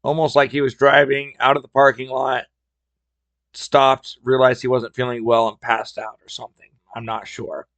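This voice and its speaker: A man's voice: mid-range voice, little pitch movement, moderate pace, fairly bright tone, dry recording. A man hosting a podcast, telling work stories in a casual, wry, conversational way. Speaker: podcast host. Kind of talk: casual storytelling.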